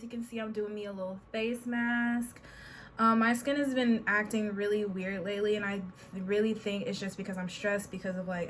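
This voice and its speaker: A young woman talks casually to her camera at home in a bubbly, chatty way, tossing in playful catchphrases as she goes. Her voice sits at an ordinary middle pitch. A faint hiss runs under the recording. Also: fairly bright tone. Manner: bubbly, peppers talk with "honey" and "period". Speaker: beauty vlogger. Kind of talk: casual vlog chat.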